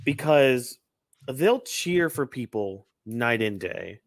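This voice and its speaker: A man co-hosting a casual review podcast, swearing freely and mocking crowds with loud put-on voices. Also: medium pitch, slow, no echo, studio quality. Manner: profane, animated, mocks crowds in shouted put-on voices. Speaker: podcast co-host.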